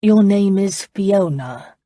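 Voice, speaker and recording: A woman's voice: lowish voice, normal speed, a little mellow, slightly rough, no room sound. A woman doing an arrogant, commanding duke. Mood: imperious. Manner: commanding, dry and sardonic. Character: arrogant impatient young duke, man.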